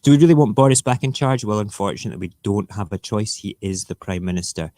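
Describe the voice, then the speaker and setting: A man's voice: lowish voice, steady tone, quick pace, dark tone. A man who hosts a casual morning live stream, ranting emphatically and sarcastically. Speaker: live-stream show host.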